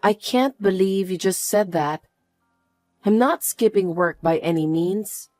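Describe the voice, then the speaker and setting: A woman's voice: medium pitch, unhurried, a little mellow, no room sound, studio quality, soft background music, natural voice. A woman voicing an elderly mother-in-law who needs care, speaking plaintively in a narrated family drama. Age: older. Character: elderly mother-in-law needing care, meek, then suspicious.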